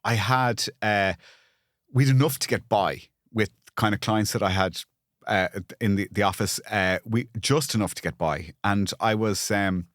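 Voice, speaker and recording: A man's voice: fairly low pitch, a bit bright, dry recording, studio quality. A man in his forties with an Irish accent, speaking candidly as a podcast guest, often restarting and repeating words as he finds his thoughts. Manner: halting restarts, repeats words, grows emotional. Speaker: guest, architect and TV presenter. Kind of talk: candid conversational interview.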